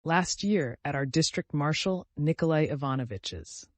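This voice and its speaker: Man voicing older country landowner, resigned, genial, reflective, slightly high voice, storybook. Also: lively intonation, moderate pace, no room sound, natural voice.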